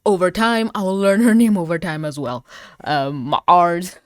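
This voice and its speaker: A woman with a lowish voice gushes and rants about a cartoon, jumping from loud outbursts to near-mumbled asides. She sounds close to the mic in a dry, deadened space. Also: unhurried, no echo. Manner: excitable, rambling, swings between loud outbursts and muttering; dramatic mock-outraged asides. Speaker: video reviewer. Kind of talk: casual reaction commentary.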